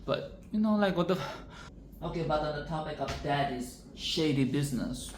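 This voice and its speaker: A woman's voice: deep voice, expressive, normal speed, echoey room, a little hiss or hum. A woman vlogger reacting to a film in casual, crude and rambling commentary, with bursts of mock outrage.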